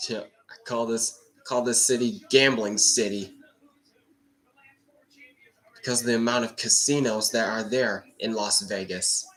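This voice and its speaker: A man's voice: lowish voice, fairly even intonation, measured pace, pauses often, a bit bright. A man streaming casual live race reactions, chatty and rambling, often restarting his sentences. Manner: rambling, chatty, repeats himself.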